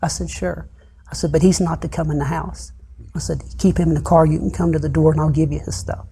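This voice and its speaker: A middle-aged man giving a personal testimony in an interview, retelling events haltingly with many pauses and often dropping soft and low. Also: little pitch movement, vocal fry, a little hiss or hum. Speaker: interview guest.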